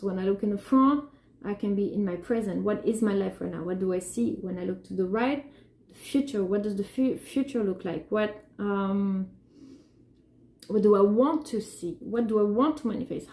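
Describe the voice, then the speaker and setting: A woman talks through her artwork and her feelings in a loose, rambling personal monologue, her thoughts doubling back on themselves. Her voice is mellow and a little gravelly. The room around her sounds echoey. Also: mid-range voice. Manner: rambling, emotional, many restarts and "like". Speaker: artist talking about her work.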